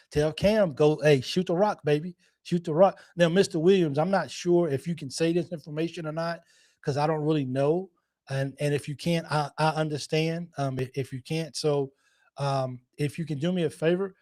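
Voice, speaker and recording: A man's voice: fairly high pitch, a little mellow. A man hosting a live fan show, chatting casually and rambling, repeating himself and laughing often. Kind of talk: casual live-stream chat.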